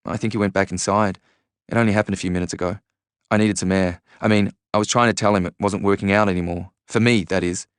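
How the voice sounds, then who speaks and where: A man voicing an anxious young woman who speaks haltingly, with fillers and breaks. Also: fairly low pitch, steady tone, clean tone, no room sound, clean studio sound, lightly acted.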